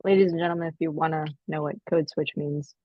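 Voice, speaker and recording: A woman co-hosting a podcast, telling stories in casual chat and acting out quotes in high voices. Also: quick pace, dry recording, highs cut off. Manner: animated storyteller, acts out quotes in high voices. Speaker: podcast co-host.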